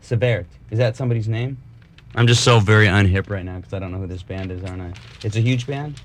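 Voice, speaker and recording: Brief: male radio host, rapid-fire and teasing, fielding calls on a late-night show. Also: on the low side, slight background noise. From New York. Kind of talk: fast late-night radio call-in hosting.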